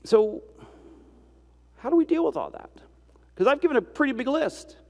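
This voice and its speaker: In a reverberant room, a high-voiced man gives a conversational, reflective Christian devotional talk. He's expressive and a little mellow at a moderate pace, using rhetorical questions and self-deprecating asides.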